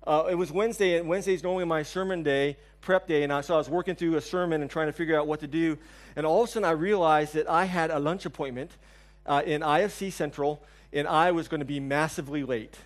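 A man's voice: a little high, steady tone, quick pace. A man in his forties preaching a sermon, telling a funny story with asides to the congregation. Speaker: pastor.

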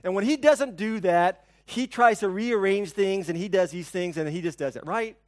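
A male pastor giving a conversational sermon, telling stories, asking the congregation questions, and swinging between soft and loud. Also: high voice, normal speed. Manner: storytelling, asks the congregation questions.

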